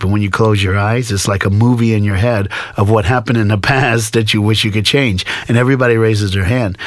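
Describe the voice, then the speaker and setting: Low-voiced guy telling his life story, acts out the dialogue, dry studio sound. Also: no echo. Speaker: guest speaker. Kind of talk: storytelling interview.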